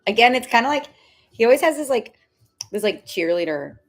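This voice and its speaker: A woman's voice: fairly high pitch, sing-song, a little fast, soft background music. A young woman giving tarot readings on a casual livestream, chatty and giggly with many fillers. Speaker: tarot reader.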